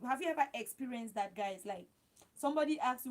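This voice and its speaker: A woman's voice: high voice, lively intonation, fast. A woman hosting a live stream, giving chatty, repetitive advice and talking straight to her viewers. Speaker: livestream host.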